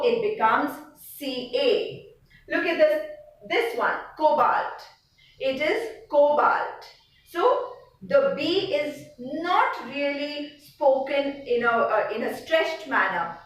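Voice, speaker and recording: Slow, deliberate woman teacher, echoey room. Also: sits high, fairly bright tone, far from the mic. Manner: slow, deliberate, repeats words for emphasis. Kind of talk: chemistry lesson. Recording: very echoey room, away from mic.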